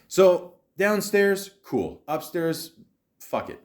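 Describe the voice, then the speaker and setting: A man's voice: medium pitch, animated, normal speed. A man hosting a podcast, telling a rambling, crude, jokey story in a casual monologue full of swearing and restarts. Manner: profane, rambling, jokey, many fillers and restarts. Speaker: podcast host.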